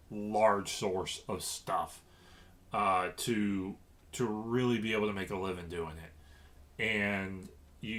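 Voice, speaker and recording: A man's voice: lowish voice, fairly bright tone. A man from Louisiana chatting casually to camera about reselling, rambling with many fillers and restarts. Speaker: reseller vlogger.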